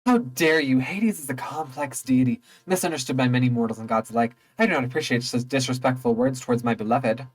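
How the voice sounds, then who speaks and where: A woman's voice: very deep voice, fairly quick, hardly any pauses, low-quality recording. A woman voicing a proud, devoted young spring goddess in a game, lofty and theatrical. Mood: indignant.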